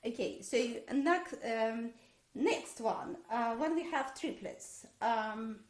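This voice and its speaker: A woman coaching a violin student in an online masterclass, her fairly high voice ringing in a roomy space. She talks haltingly with plenty of fillers and sings passages on nonsense syllables to show the phrasing. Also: animated. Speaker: violin teacher. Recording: roomy echo.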